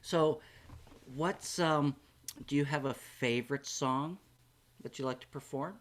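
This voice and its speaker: A man's voice: a little high, unhurried. A man hosting a live online interview over a video call, chatting casually and encouraging his guest with plenty of praise. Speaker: host of a live online event.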